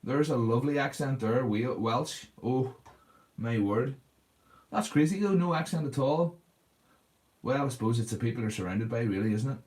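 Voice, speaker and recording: A man's voice: mid-range voice, moderate pace, a little mellow. A man hosting a casual livestream, chatting and answering viewers' comments while he paints a model.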